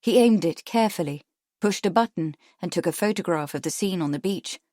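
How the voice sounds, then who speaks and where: A woman's voice: fairly low pitch, fairly quick, no echo. Woman narrating a mystery, dry sound. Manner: steady storytelling reading. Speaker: audiobook narrator. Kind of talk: scripted narration.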